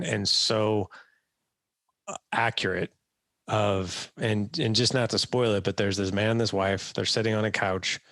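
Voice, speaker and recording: Man, interview guest, low gravelly voice, dry close sound, casual chat. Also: dry recording. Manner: animated storyteller, acts out quotes in raised voice. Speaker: podcast guest, dad coach.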